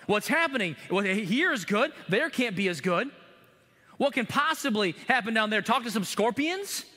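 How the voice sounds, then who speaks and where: Middle-aged pastor guy preaching, bright high voice, acts out little prayers, big churchy reverb. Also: moderate pace. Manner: animated preaching with acted prayers to God. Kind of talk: sermon. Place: church sanctuary. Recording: long hall reverb in a church.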